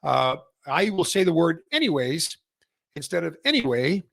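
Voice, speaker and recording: Middle-aged man from Canada, retailer host, gravelly voice, rambling delivery, dry recording. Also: a little high, big pitch swings, moderate pace, a bit bright, dry recording. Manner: rambling, many restarts and fillers. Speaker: massage chair retailer and host. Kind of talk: casual industry update talk.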